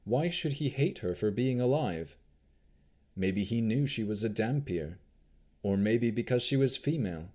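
A man narrating a fantasy novel as an audiobook, expressive and unhurried. His voice is mellow and dark in tone. He moves through the story slowly, with lively, animated intonation. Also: on the low side. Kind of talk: scripted narration.

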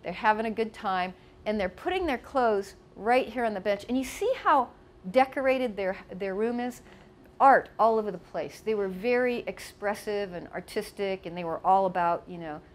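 A woman's voice: mid-range voice, normal speed, a little hiss or hum. Chatty woman reminiscing. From United States. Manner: chatty, with asides and restarts. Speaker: storyteller. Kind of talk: casual reminiscing over photos.

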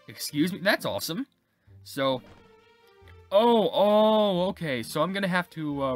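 A man giving casual, rambling gameplay commentary as a YouTuber, getting excitable at close calls. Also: medium pitch. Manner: rambling, excitable, lots of fillers. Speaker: gaming YouTuber.

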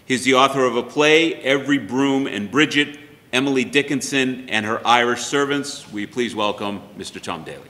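A man's voice: mid-range voice, normal speed, sharp tone, slight background noise. Emcee man in a reverberant hall. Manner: hesitant, with many fillers and restarts, then reading a bio list. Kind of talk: reading poet introductions. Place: library room with long reverb.

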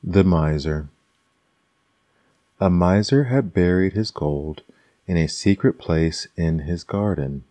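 Deep-voiced man reading ASMR bedtime fables, slow, dark tone. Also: dry recording. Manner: soft, unhurried reading. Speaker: storyteller.

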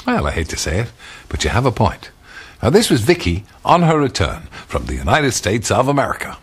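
A man's voice: medium pitch, wildly swooping pitch, fairly quick, slightly rough. A man hosting a viewers' feedback programme in a playful, mock-grand and teasing manner. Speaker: host. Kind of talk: scripted studio presenting.

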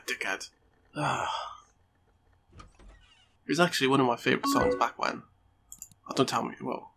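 A man's voice: medium pitch, vocal fry, sharp tone, a little hiss or hum. A man giving let's play commentary over a game, swearing often and joking at his own expense. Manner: sweary, joking, self-mocking. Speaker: gaming YouTuber.

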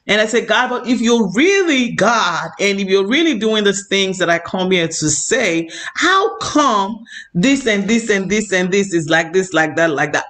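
A man's voice: high-pitched, fairly bright tone. A man who preaches online, telling a personal faith testimony in an earnest, repetitive way with many fillers.

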